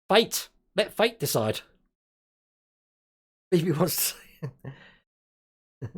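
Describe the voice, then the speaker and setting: A man from Australia hosting a casual live stream, chatting and laughing often and tripping over his words now and then. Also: sits high.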